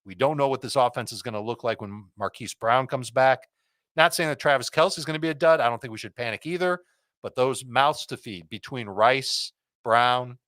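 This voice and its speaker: A man's voice: medium pitch, a bit bright, no echo. Man rattling off confident football picks. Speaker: fantasy football analyst. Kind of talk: quick start-sit advice.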